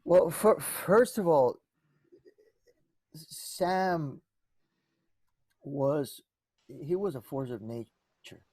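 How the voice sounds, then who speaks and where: Guesting on an interview, a musician rambles through stories, often restarting and acting out dialogue. His fairly high voice is animated but extremely slow, with long pauses, a little mellow and recorded dry.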